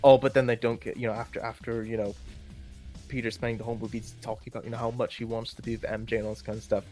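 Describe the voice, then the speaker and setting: A man's voice: mid-range voice, little pitch movement, racing, darkish tone, soft background music. A man chatting casually and rambling as he ranks films, with many restarts and fillers. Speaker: co-host ranking films. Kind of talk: casual opinionated chat.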